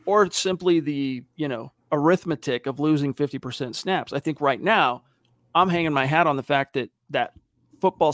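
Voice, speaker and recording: Male podcast host, slightly high voice, lively storyteller, dry close sound. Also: no echo. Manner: animated storyteller, acts out quotes. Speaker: podcast host reading viewer questions. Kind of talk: casual sports podcast talk.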